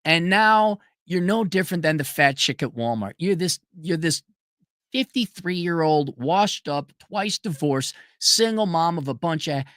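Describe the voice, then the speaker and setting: A man's voice: on the high side, animated, a little slow, fairly bright tone, no room sound, clean studio sound. A middle-aged man ranting in a sarcastic, rambling, profane monologue as a podcast host.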